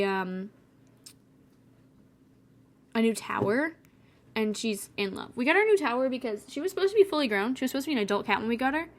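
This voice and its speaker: A woman in her twenties with a fairly high pitch rambles casually through the voice-over of her painting vlog. She's chatty and wry, tossing in sarcastic asides.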